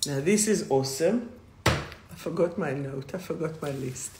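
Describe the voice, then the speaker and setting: A woman's voice: low voice, unhurried, noisy background. A woman hosting a live stream as a spiritual coach, talking casually and rambling, greeting viewers by name as she goes. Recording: roomy echo.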